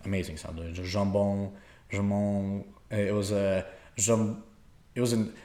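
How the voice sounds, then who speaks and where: A man's voice: on the low side, moderate pace, warm tone. A young man from Poland telling a long, rambling story in a casual podcast chat, full of fillers and restarts. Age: young adult. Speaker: podcast co-host.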